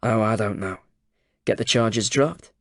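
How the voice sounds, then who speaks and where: A man playing a cool, calculating male detective chief inspector who speaks in a deadpan, blunt way. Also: lowish voice, a little slow, no echo, studio quality. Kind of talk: audiobook character voice.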